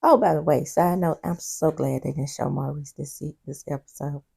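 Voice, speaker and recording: A woman's voice: low-pitched, fairly even intonation, moderate pace, vocal fry, mellow, slightly rough. A woman hosting a casual TV episode recap, talking in a sassy, blunt, exclaiming way. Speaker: TV recap host.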